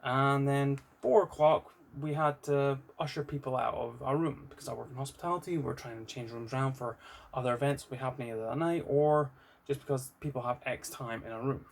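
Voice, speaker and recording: A British man in an unscripted vlog, candid and rambling, swearing now and then. His voice sits at an ordinary middle pitch, with a faint hum of room noise behind him. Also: a little fast, vocal fry. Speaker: vlogger. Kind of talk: unscripted personal vlog monologue.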